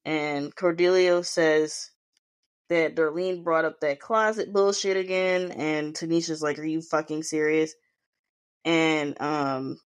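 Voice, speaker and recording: Female podcast host, lowish pitch, loose recap style, profane and animated in her retelling. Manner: chatty, swearing freely, acting out quotes. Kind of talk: casual recap chat.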